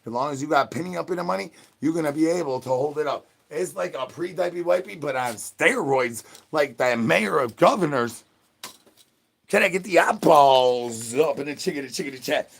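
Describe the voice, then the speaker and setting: A man's voice: on the high side, expressive, moderate pace, vocal fry. A young man talking into his phone on a live stream, rambling in a playful, sing-song way full of nonsense catchphrases.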